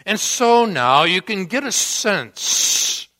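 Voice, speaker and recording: High lively preacher guy, slow storytelling sermon, big echoey church. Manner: animated, dramatic storytelling with acted quotes. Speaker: pastor. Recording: long church-hall reverb.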